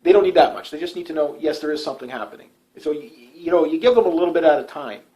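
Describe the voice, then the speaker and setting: A middle-aged man talks in a fast, rambling monologue, repeating himself and restarting sentences as he goes. His voice sits a little high for a man, and he barely stops for breath. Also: dark tone, rough recording. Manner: rambling, repetitive, stumbles and restarts. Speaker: political YouTuber. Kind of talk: casual political monologue.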